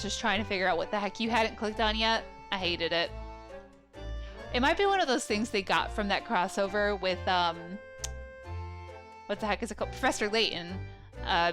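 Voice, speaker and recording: A woman hosting a let's play, chatting casually and bluntly with joking asides, game music behind her. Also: medium pitch.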